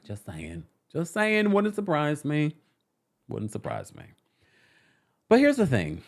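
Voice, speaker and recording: Young male host with a raised voice, full of sass, very expressive in pitch, chatty recap delivery. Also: slow, vocal fry. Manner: sassy, animated, chatty. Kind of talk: casual reality TV recap talk.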